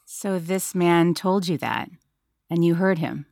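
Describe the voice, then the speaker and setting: A middle-aged woman interviewing an author about his book, animated and laughing often as she talks. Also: lowish voice, slow pace, creaky, no room sound, studio quality.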